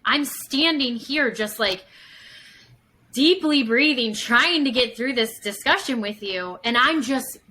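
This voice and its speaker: Her voice is a little high, expressive, and sharp in tone, moving at a slow pace. She's a psychotherapist guesting on a podcast, chatty and full of fillers, acting out examples while she explains. The recording is rough.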